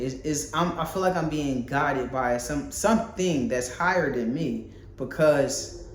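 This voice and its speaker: A man's voice: on the high side, a little hiss or hum. A man from talking casually in a vlog while painting at home, candid and rambling, swearing freely. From Philadelphia. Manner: loose and candid, swears freely, muses aloud with many fillers. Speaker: vlogger and visual artist. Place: indoors at home, painting a wall. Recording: echoey room.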